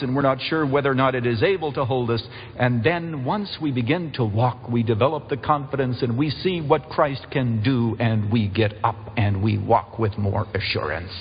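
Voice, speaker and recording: A man preaching as pastor, telling a story and acting out the people in it with lively rises in pitch. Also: slight background noise. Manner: storytelling preacher, animated quoting. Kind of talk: sermon. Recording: muffled hall recording, long reverb.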